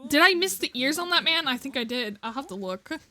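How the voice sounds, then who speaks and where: A woman's voice: sits high, expressive, quick pace, sharp tone. A woman streaming a game, rambling in casual commentary and stumbling over names.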